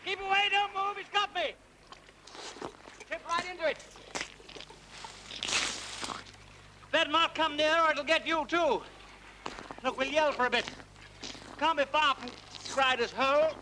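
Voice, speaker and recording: An actor playing a breezy lord and gentleman detective, with a clipped, jaunty aristocratic manner, in a 1970s TV crime drama. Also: very high voice, moderate pace, long pauses. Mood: alarmed shouting. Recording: 1970s TV film sound, light hiss.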